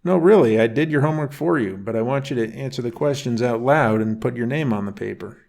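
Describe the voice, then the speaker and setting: A man's voice: mid-range voice, fairly quick, vocal fry, a little mellow, natural voice. A man voicing an easygoing single father, a car salesman with a slight Virginia drawl, patient and teasing. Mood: gentle teasing.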